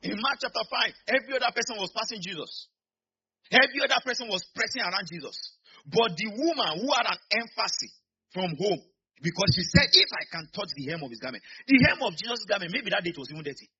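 A Nigerian pastor preaches to his church in a husky, bright, sharp voice that leaps up and down in pitch. He moves from murmured asides to loud bursts, and the recording sounds muffled. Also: lively intonation, quick pace. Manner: preaching with sudden shouts and acted asides. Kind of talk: sermon.

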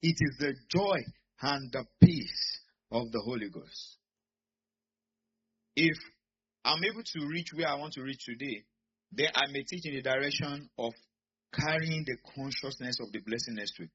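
A man's voice: medium pitch, normal speed, pauses often, slightly rough. A man preaching a sermon, repeating lines and calling on the congregation to answer back. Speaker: pastor. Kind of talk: sermon with call-and-response. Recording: dull lo-fi recording.

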